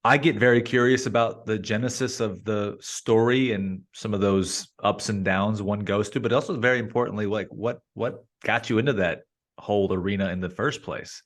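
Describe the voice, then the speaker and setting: A man's voice: on the low side, steady tone, fairly quick. A male interview host who asks long, rambling questions full of restarts and repeated words.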